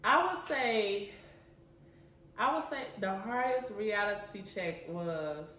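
A young Chicago woman answers viewer questions on camera, chatty and laughing a lot, often saying "you know what I'm saying." Her medium-pitched voice is expressive, a bit bright, and slow, in an echoey room.

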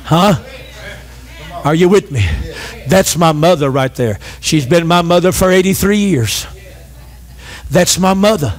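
A middle-aged pastor with a notably high voice delivers a fervent sermon. He calls on the congregation to answer back and repeats key phrases, climbing into shouts. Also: unhurried, long pauses. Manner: impassioned preaching with call-and-response.

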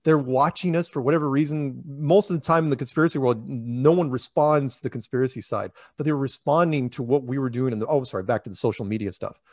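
A man talks in a loose, animated ramble, acting out quoted dialogue with bursts of excitement and sudden drops in volume. He sits at an ordinary middle pitch. The room sounds dry and close, with almost no echo. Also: fast, few pauses. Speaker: interviewee, flat earth public speaker. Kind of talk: casual storytelling interview.

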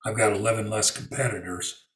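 A man telling a work story in a relaxed interview, using lots of fillers and acting out what people said. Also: on the low side, fairly quick, reverberant, recorded from a distance, rough recording. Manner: storytelling with many fillers and acted-out quotes. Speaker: guest. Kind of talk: conversational interview.

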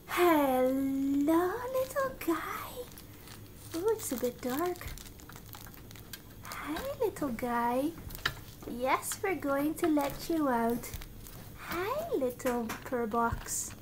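A woman's voice: high voice, takes it slowly, background noise. A woman filming at home with a handheld camera, cooing baby talk to her cats. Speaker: cat owner filming at home. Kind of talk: casual home video, talking to pets. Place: home indoors.

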